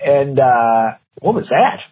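A man's voice: medium pitch, big pitch swings, slow pace, over music. A man in his fifties co-hosting a podcast, telling a long story in casual chat with lots of fillers and frequent laughter. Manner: rambling, laughs often, many fillers. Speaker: podcast co-host. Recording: tinny phone-like podcast audio.

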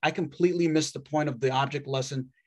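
A man preaching a sermon in a wry, conversational way, with dramatic pauses. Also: mid-range voice, steady tone, darkish tone.

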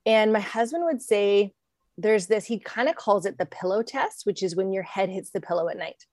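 A woman hosting a faith podcast, recorded close and dry with no room sound. She talks in an affirming, chatty way, mid-pitched, often pausing on an "um" before she goes on. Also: a little mellow, no echo. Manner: affirming, chatty, with frequent ums. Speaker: podcast host. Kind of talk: conversational podcast talk.

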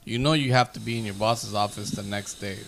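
A man's voice: lowish voice, fairly even intonation, a little fast, gravelly, noisy background. Slangy young male podcast host. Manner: slangy, reacts in short bursts. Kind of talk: casual chat.

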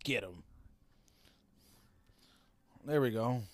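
A man's voice: mid-range voice, animated, extremely slow, no room sound. A young man giving casual reaction commentary, swearing and wisecracking as he rants. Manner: profane, wisecracking, ranting. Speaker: reaction video host.

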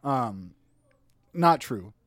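A man's voice: mid-range voice, animated, slow pace, a bit bright, dry recording, clean studio sound. A man co-hosting a podcast, joking around and telling rambling stories in a laid-back way. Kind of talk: casual storytelling chat.

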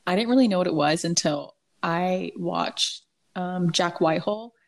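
A woman with a fairly low voice chats as a podcast co-host over a video call. She rambles, fills her talk with "like" and swears offhandedly. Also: a little slow. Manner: rambling, swears casually, many "like"s. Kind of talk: casual chat.

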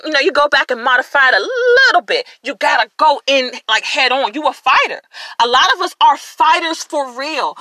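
A woman's voice: high-pitched, pushed and bright, no echo. A woman hosting a podcast, giving an emphatic, preachy motivational faith talk and addressing listeners directly. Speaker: podcast host.

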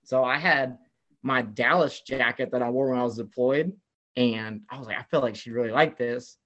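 A man's voice: mid-range voice, normal speed, dull audio. A young man, a guest on a talk show, telling a long, rambling story in a casual way, leaning heavily on the word "like". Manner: animated, rambling, heavy use of "like".

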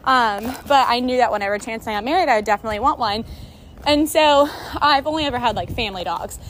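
Young woman host, high-pitched, chatty and breathless while out walking. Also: fast talker, fairly bright tone, a little hiss or hum. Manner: chatty, bubbly, laughs often. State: a little out of breath. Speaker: podcast host. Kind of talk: casual chat. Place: outdoors on a walk with a dog.

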